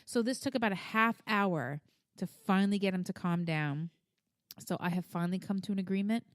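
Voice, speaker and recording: A woman's voice: mid-range voice, a little fast, no room sound, studio quality. A woman in her thirties co-hosting a podcast, chatting casually in a frank, rambling way, swearing freely. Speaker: podcast co-host. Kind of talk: casual chat.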